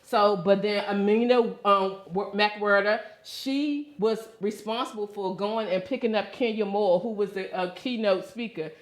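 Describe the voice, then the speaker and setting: Talk show lady telling a story all animated, acting out the quotes, sounds kinda roomy. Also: medium pitch, unhurried, few pauses. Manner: expressive, animated retelling with acted-out quotes. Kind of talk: casual storytelling.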